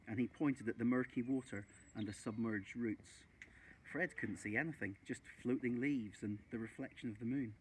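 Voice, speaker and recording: A male primary school teacher reading a children's novel aloud in a steady, expressive way. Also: medium pitch, moderate pace, a little hiss or hum.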